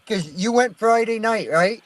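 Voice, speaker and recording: A man's voice: high voice, unhurried, no room sound, rough recording. A man joining a casual panel chat, loose and swearing freely.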